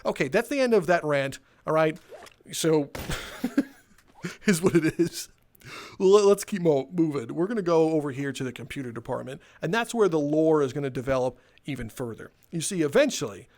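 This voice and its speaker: A man's voice: fairly high pitch, expressive, normal speed, darkish tone. A young man telling a sarcastic, exasperated, swear-filled comedic rant as he walks around. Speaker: comedic storyteller. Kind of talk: profane comedic rant, walking tour.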